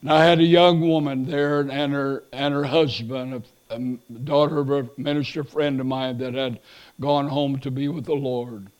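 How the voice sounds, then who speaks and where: A male pastor delivers a revival sermon, moving between loud, urgent stretches and quiet, pleading ones. He repeats phrases and restarts haltingly, his pitch medium and his tone steady.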